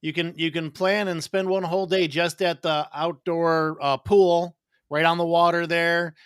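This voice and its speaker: A man's voice: a little high, little pitch movement, measured pace, a bit bright, clean tone, no room sound, studio quality. A man co-hosting a casual real estate chat, easygoing and informative. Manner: easygoing, informative, rambling with restarts. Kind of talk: casual live-stream chat.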